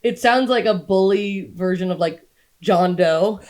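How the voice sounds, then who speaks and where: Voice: medium pitch, measured pace, a crowd in the background. A podcast host making dry joking asides in casual chat. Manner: dry jokey asides, laughs.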